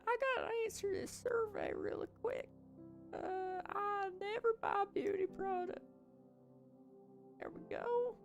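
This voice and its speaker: A man doing a quavering high old lady. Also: vocal fry, full character voice. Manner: scolds chat with mock threats. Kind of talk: live-stream character voice.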